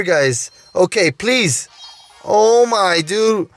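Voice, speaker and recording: A man with a high voice gives unhurried gameplay commentary as he opens loot boxes. He keeps begging for luck and calls out to his viewers constantly. His voice sounds dry and close. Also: animated, a bit bright, no echo. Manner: pleading, keeps saying "guys" and "oh my dude". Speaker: mobile gaming YouTuber.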